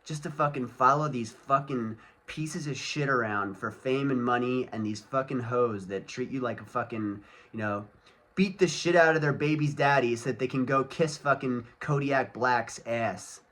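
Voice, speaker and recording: A man's voice: medium pitch, moderate pace, fairly bright tone. A man ranting angrily to camera in a casual solo vlog, swearing constantly and rambling loosely with many fillers. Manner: angry, profane ranting. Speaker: vlogger.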